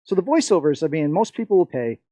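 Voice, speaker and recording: A man's voice: fairly high pitch, sing-song, quick pace, warm tone, no echo. A middle-aged man from the Philippines presenting a live workshop, rambling and chatty with many fillers and frequent laughs.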